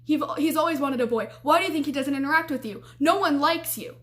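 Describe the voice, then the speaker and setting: A woman voicing a cruel, spiteful old female spirit who screams her insults in a shrill, raised voice. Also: fast, fairly bright tone. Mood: screaming spite.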